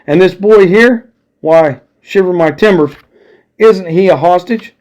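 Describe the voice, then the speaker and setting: Crafty old-sea pirate captain, blustering, slightly high voice, read by a male storyteller. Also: a little slow, darkish tone. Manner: blustering, wheedling sailor talk.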